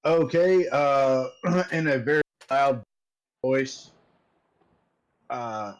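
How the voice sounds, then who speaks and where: A man playing a cleric in a tabletop game, speaking hesitantly and often clearing his throat. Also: mid-range voice, drawn-out words, long pauses, highs cut off. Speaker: player. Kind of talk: casual game chat.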